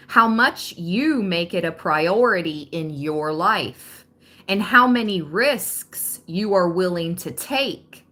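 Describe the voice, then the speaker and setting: Slow, measured spiritual card reader woman. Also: medium pitch, pushed and bright. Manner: reads oracle messages slowly, breaks into casual asides. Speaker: tarot reader.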